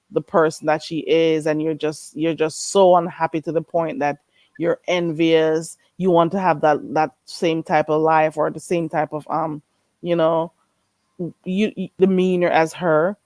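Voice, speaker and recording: A woman's voice: sits low, steady tone, unhurried, darkish tone, no echo. A woman who is not a native English speaker, co-hosting a casual chat and hesitantly searching for her words.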